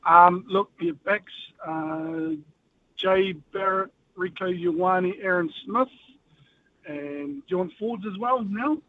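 A brisk New man calling in, his voice high and thin. He sounds far from his phone, on a tinny line with faint noise behind him. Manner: brisk, casual, lists names. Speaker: caller.

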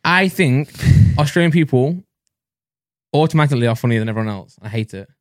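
Fast, rambling male podcast host. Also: medium pitch, expressive, no echo, clean studio sound. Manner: rambling, restarts a lot. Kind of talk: casual chat.

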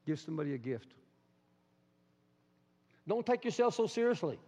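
A middle-aged male pastor giving a sermon in an emphatic style, with bursts into high, excited exclamations. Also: normal speed, in a large hall.

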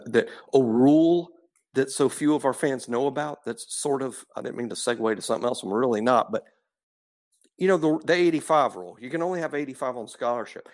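A man co-hosting a sports podcast, rambling and breaking off his own sentences as he talks football. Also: mid-range voice. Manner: rambling, self-interrupting. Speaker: podcast co-host. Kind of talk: casual sports chat.

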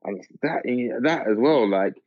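A man's voice: fairly low pitch, animated, normal speed, no echo. A man co-hosting a podcast, chatting casually about football, rambling with lots of fillers and restarts. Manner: rambling, many fillers and restarts, laughs often. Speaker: podcast co-host. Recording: tinny phone-like line.

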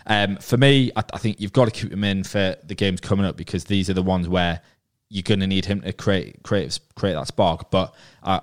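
A man chatting on a football fan podcast, thinking out loud and often restarting his sentences. His voice sits very low in pitch. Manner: thinking aloud, many restarts and hedges. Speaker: podcast panellist. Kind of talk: casual football podcast chat.

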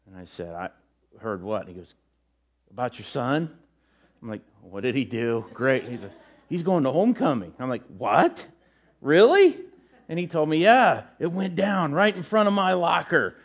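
A man's voice: mid-range voice, animated, normal speed. A middle-aged man preaching a sermon in church as pastor, telling folksy, rambling stories with many fillers and restarts.

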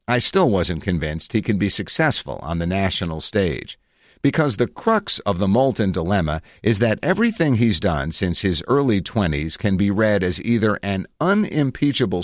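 A man narrating his own article in a reflective, measured way with wry asides, recorded on a close studio mic. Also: fairly low pitch, very animated, no echo. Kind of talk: scripted narration.

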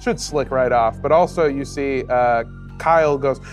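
A man narrating a tabletop game as its game master, animated and laughing often. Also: mid-range voice, measured pace, faint music behind.

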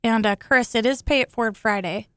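A woman's voice: fairly high pitch, a little fast, dry recording, studio quality. Chatty, emotional woman host. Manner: chatty and emotional, laughs often. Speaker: show host, accident survivor. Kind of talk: grateful casual studio talk. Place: studio.

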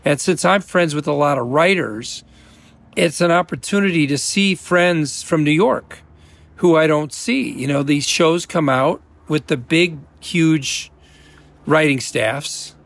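A man's voice: a little high, unhurried, a bit bright. A man from the American Midwest, a guest on an interview show, chatting casually and rambling with restarts. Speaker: guest actor.

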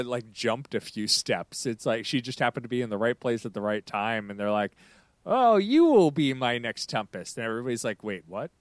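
Low-voiced man in relaxed chat. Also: smooth, no room sound. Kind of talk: casual chat about an audio drama.

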